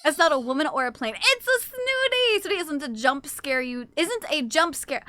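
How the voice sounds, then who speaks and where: Chatty woman streamer, high bright voice, playful and a bit foul-mouthed, dry close recording. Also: a little fast, dry recording. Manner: chatty, playful, reads chat aloud, swears casually. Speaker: livestreamer. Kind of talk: casual livestream chat.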